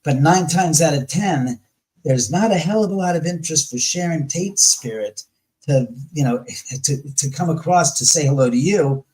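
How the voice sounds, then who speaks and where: A man as an interview guest, telling stories in a rambling, animated way and often correcting himself mid-sentence. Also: a little high, moderate pace, low-quality recording. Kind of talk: casual storytelling interview.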